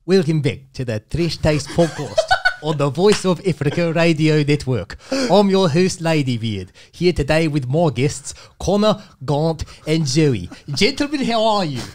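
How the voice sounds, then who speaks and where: A man's voice: a little high, lively intonation, measured pace, darkish tone, a little hiss or hum. A man putting on an Afrikaans accent to play a hammy South African radio host, hosting as a joke on a podcast. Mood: showy. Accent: put-on Afrikaans.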